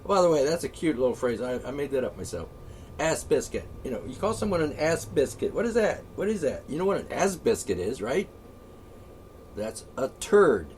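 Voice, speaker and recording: A man ranting off the cuff, profane and rambling, with frequent asides and throat-clearing. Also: mid-range voice, very animated, fast, few pauses, a little mellow. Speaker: political ranter. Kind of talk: off-the-cuff solo rant. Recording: voice a bit far from the mic, faint ambient noise.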